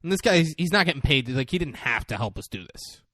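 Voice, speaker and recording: A male podcast co-host in casual chat, retelling movie scenes with quick acted-out quotes and frequent laughs. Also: a little high, expressive, fairly bright tone, no echo, studio quality.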